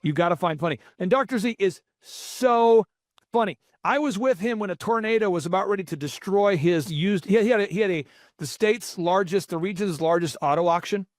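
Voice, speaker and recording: Man, 40s, podcast host, upbeat storyteller, high-pitched, dry close sound. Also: normal speed, no echo. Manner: energetic storytelling with many fillers and restarts. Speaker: podcast host and business coach. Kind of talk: motivational business talk.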